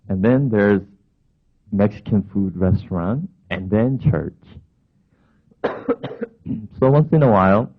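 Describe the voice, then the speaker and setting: Low-voiced man preaching over a tinny line. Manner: conversational, lively anecdote with frequent asides. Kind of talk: storytelling sermon. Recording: tinny phone-like sound.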